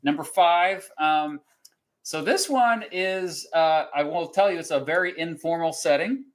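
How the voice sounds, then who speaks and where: A man's voice: fairly high pitch, measured pace, rough recording. A man hosting a casual talk show quiz, rambling with many fillers and chuckles. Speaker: podcast host running a quiz. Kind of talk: casual chat.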